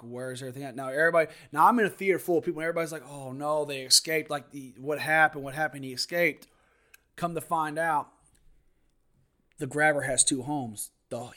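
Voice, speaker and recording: A man talks through a film he has just seen, in a loose, unscripted review. He swears casually and often stops mid-sentence to restart. His retelling of the scenes is excitable and rambling, and his voice sits at an ordinary middle pitch. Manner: rambling and profane, with frequent restarts. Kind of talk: casual spoken movie review.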